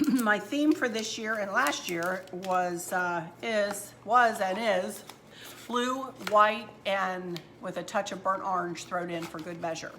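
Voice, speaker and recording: Speaking slowly in a mid-range voice with a sharp edge, she's heard against slight background noise. The middle-aged woman runs a home decor channel and, indoors at home, chats warmly with y'all viewers about her fall decorating and craft projects.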